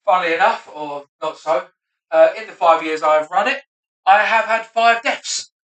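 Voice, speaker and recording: Sweary man, bright and high. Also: normal speed. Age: 30s. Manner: self-mocking, sweary, muttering asides between punchlines. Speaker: stand-up comedian. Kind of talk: rehearsing a stand-up set aloud. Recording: roomy and distant.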